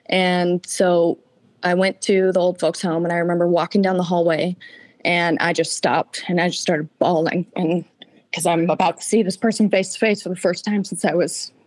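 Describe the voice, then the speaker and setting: Woman guest, lowish voice, dry close sound, candid and emotional story. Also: darkish tone, no room sound. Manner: candid, tearful at times, faith-driven. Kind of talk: emotional personal account.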